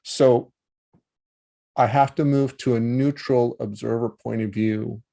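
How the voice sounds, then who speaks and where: A man teaching about healing in a relaxed, conversational way, acting out inner voices with changing tones and checking in with the listener. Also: medium pitch, slow pace, gravelly. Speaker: meditation teacher. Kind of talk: talk on healing.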